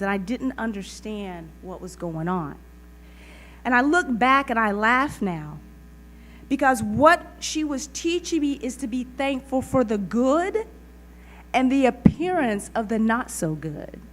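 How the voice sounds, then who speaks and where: A woman's voice: on the high side, very animated, a little slow, a bit bright. A woman reverend giving a sermon, earnest and emphatic, with repeated phrases. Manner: earnest, emphatic preaching with repetition. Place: community center lounge.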